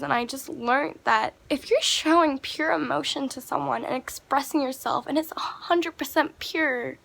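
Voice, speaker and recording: A woman's voice: high-pitched, fairly bright tone. A young woman vlogger talking straight to her camera in an earnest, impassioned monologue, swearing freely as she goes. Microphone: camera mic.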